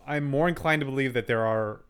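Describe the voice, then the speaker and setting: A man's voice: medium pitch, brisk, fairly bright tone, clear, resonant tone. A man co-hosting a casual podcast, wry and reasoning things out aloud as he talks, with a few restarts. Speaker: podcast co-host. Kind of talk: casual chat.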